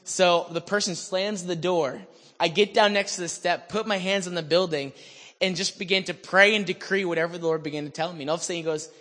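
Animated male preacher in a reverberant hall. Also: high-pitched, brisk. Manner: animated, swings from hushed to shouting. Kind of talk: sermon testimony storytelling.

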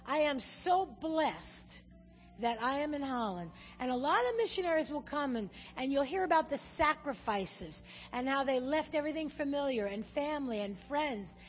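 A lively American missionary gives a humorous talk with a language lesson in a church hall, joking and speaking directly to the audience. Her voice sits high. The hall is reverberant, with faint music.

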